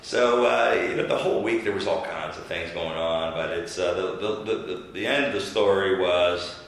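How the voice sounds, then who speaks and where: A former governor being interviewed casually tells a story in a low voice at a moderate pace, animatedly acting out what others said. The room is very echoey, with slight background noise.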